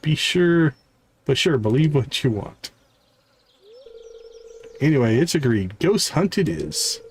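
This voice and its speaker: A man streaming a farming game, reading its character dialogue aloud with varied voices and adding quick asides. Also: medium pitch, a little mellow, a little hiss or hum.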